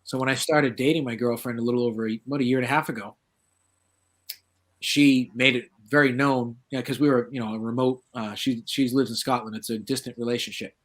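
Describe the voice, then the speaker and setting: A man's voice: medium pitch, brisk. A middle-aged man from the northeastern United States, a guest paranormal researcher telling stories casually and acting out the voices of the people he quotes. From southeastern Massachusetts, USA. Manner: lively, acts out quoted voices. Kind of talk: casual anecdotal storytelling.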